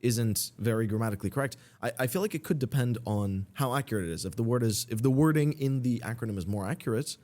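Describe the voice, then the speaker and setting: A young man talks in a relaxed, casual way on a podcast. He explains at length and fills his sentences with "like" and "you know", at an ordinary middle pitch. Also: quick pace, hardly any pauses. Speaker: podcast guest. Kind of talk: casual chat.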